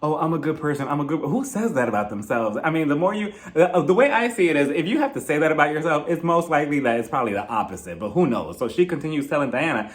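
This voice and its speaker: A man's voice: on the high side, fast talker, hardly any pauses. A young man giving a sassy, casual recap of a reality show, acting out the cast members' lines in quotes. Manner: sassy, animated, acts out the cast's lines in quotes.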